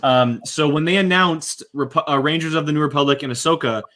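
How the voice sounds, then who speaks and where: Male host, casual film chat, eager and quick. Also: on the high side, fairly bright tone. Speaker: podcast host.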